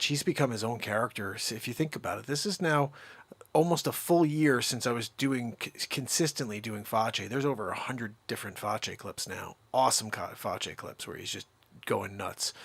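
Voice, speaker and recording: A male comedian chatting casually to camera in an animated, rambling way. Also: medium pitch, no room sound.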